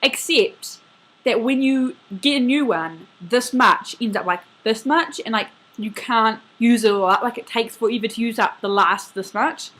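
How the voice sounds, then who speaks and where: A woman's voice: a little high, normal speed, a bit bright. Chatty eighteen-year-old girl rambling. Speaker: vlogger messaging her best friend. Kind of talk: casual video message. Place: her bedroom at home.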